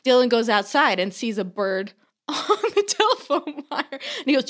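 A young woman co-hosting a podcast, telling a long, animated anecdote in casual chat, full of fillers and swearing. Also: on the high side, normal speed. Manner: animated storyteller, filler-heavy, swears freely. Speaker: podcast co-host.

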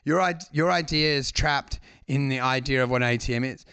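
A man's voice: medium pitch, brisk, bright, forceful tone, clear, resonant tone, no echo. A man in casual comedic chat, swearing, laughing and acting out bits.

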